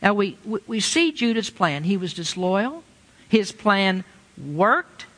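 A man's voice: high-pitched, very animated, takes it slowly, fairly bright tone. A man preaching a sermon with emphatic rhetorical questions, sometimes mimicking excuses in a whiny voice. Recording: long hall reverb.

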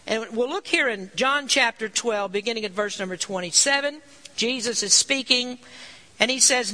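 A man's voice: very high voice, moderate pace, bright, forceful tone, poor audio. A man preaching a sermon, earnest, reading scripture aloud and stressing key points.

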